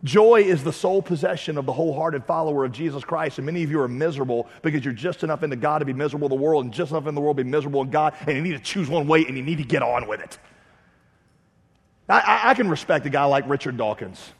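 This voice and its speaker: A man preaching a sermon in a blunt, lively, joking way with touches of sarcasm. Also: fairly high pitch, fast talker, husky, big-room sound. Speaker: pastor.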